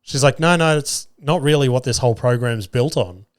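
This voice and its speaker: A man's voice: medium pitch, moderate pace, no room sound, studio quality. A young adult Australian man hosting a podcast, telling a story in casual chat and acting out the dialogue, swearing freely. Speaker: podcast host.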